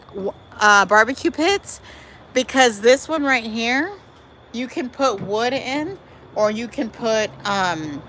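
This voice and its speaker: Out in her backyard, a female livestream host chats warmly with viewers, reading their comments and addressing them as y'all. Her voice is a little high, and the low-quality recording picks up faint traffic and outdoor noise.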